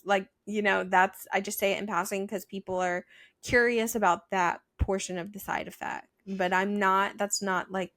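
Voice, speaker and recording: A woman's voice: mid-range voice, level tone, moderate pace, a bit bright. A young woman co-hosting a podcast, chatting casually and rambling with lots of filler words. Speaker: podcast co-host. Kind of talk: casual chat.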